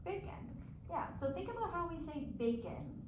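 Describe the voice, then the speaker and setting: A woman's voice: very high-pitched, big pitch swings. Patient teacher woman in an echoey room. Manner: patient, slow and clear, stretching out sounds. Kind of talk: one-on-one phonics lesson. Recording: echoey room, distant mic, background noise.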